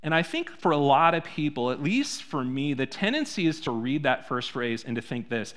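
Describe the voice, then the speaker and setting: A man preaching a sermon in a church, conversational, full of rhetorical questions, swinging between soft and loud. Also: a little high, very animated, normal speed, few pauses. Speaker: pastor.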